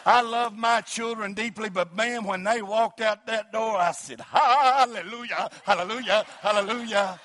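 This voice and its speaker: Preaching man, high voice, swinging to shouts. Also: steady tone, a little slow, hardly any pauses. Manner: preaching, rising to loud shouts, then joking anecdotes. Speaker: pastor. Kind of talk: sermon with humorous storytelling.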